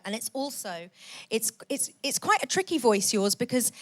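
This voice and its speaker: A woman's voice: on the high side, lively intonation, normal speed. Bubbly woman impressionist guest. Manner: bubbly, laughing easily. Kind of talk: live podcast interview on stage. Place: theatre stage with audience.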